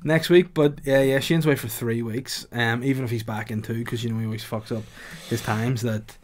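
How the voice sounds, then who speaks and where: A man filling in as podcast co-host, laid-back and quick to laugh in casual chat. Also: mid-range voice, fairly even intonation.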